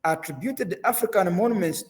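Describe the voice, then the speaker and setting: Lively higher-voiced male host in echoey hall. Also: moderate pace. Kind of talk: interview hosting with read-out topic introduction.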